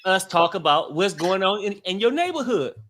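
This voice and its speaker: A man's voice: sits high, sing-song, moderate pace, fairly bright tone. A man co-hosting a casual online gossip show, teasing and joking with his co-host. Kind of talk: casual celebrity gossip chat.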